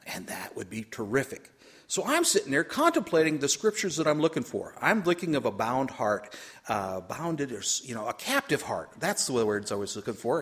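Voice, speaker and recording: Preacher, male, husky voice, lively delivery with big swings in loudness, telling a story from the pulpit. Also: fairly high pitch. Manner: animated, swings from loud to quiet asides. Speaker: pastor. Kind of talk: storytelling sermon.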